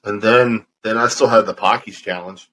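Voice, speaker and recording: Man, very low voice, rambling casual podcast talk. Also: fairly even intonation, moderate pace, pushed and bright, rough recording. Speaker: podcast co-host. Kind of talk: casual chat.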